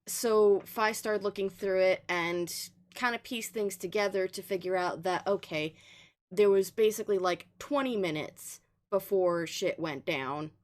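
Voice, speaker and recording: A woman's voice: medium pitch, measured pace. A woman hosting a livestream, casually recapping the story so far with lots of ums and laughs. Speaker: stream host recapping a game. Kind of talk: casual let's play chat.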